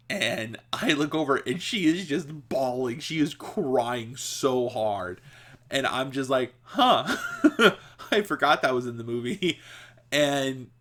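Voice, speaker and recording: A man's voice: mid-range voice, pushed and bright. A man hosting a podcast, telling a story in a casual, rambling way, with frequent laughter, restarts and filler words. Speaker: podcast host.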